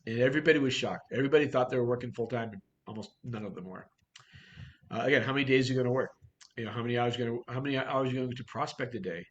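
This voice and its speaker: A man's voice: medium pitch, rapid-fire, lo-fi sound. A man coaching real estate agents in a workshop talk, blunt and direct, firing off rhetorical questions.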